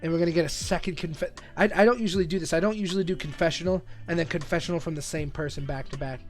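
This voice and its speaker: Streamer, young adult male, slightly high-pitched voice, excitable, swears a lot, faint music underneath. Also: very fast. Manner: excitable, profane, rambling banter with frequent laughs. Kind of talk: live stream reaction commentary.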